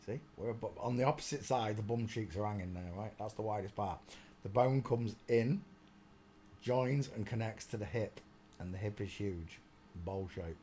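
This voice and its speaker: A man's voice: fairly low pitch, normal speed, mellow. Guy rambling on a live stream, talks to himself, little bit of hiss behind. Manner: chatty, exclaiming, muttering to himself while searching. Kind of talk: casual live-stream commentary.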